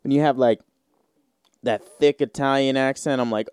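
A man's voice: medium pitch, fairly even intonation, normal speed, darkish tone, clear, resonant tone, no room sound, studio quality. A man hosting a solo podcast, rambling in casual slang with lots of fillers. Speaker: podcast host.

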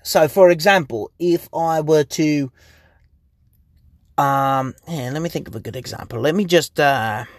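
A man's voice: on the high side, a little slow, dry recording, clean studio sound. Profane rambling young man in a car. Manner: profane, rambling, laughs often. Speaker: podcast host. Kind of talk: casual rambling monologue. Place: inside a parked car.

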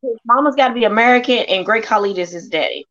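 A woman's voice: fairly high pitch, expressive, fast talker, a bit bright. A woman co-hosting a podcast in casual chat, blunt and joking. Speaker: podcast co-host. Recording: dull muffled sound.

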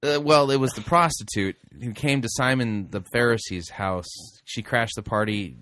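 A man's voice: medium pitch, normal speed, fairly bright tone, dry recording. A man hosting a program, interrupting a recorded sermon with exasperated, mocking commentary. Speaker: radio host critiquing a sermon. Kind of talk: sarcastic commentary.

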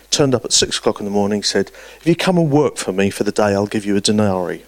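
A man preaching a sermon, telling stories with lively swings between loud and hushed delivery. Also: fairly low pitch, no room sound.

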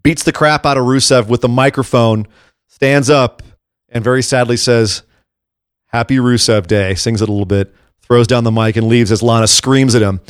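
A man's voice: mid-range voice, moderate pace, smooth, no room sound, studio quality. A man co-hosting a casual chat, retelling events with energy and acting out what people said. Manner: animated, acts out quotes while retelling. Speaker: podcast co-host. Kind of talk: casual chat recapping wrestling.

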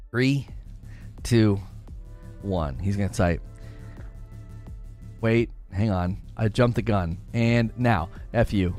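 A man in his thirties live-streaming, chatting with his viewers in an excitable, teasing way and often breaking into laughter. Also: medium pitch.

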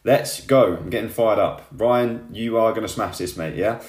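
A man's voice: lowish voice, normal speed. A man giving a fired-up motivational talk, tagging his lines with "yeah?" and "right?". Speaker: motivational vlogger. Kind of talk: motivational monologue to camera. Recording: echoey room.

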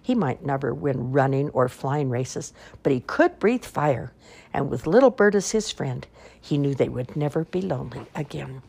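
Lady reading kids books out loud, low husky voice, really bouncy singsong delivery. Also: normal speed. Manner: expressive, sing-song storytelling. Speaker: storyteller. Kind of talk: reading children's picture books aloud.

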